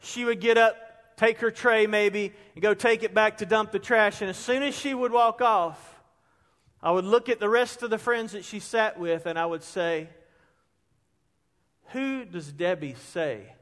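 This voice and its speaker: Animated high-voiced preacher in a reverberant hall. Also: male voice, moderate pace. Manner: animated storyteller, drops to a hush for emphasis. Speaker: pastor. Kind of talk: sermon with storytelling.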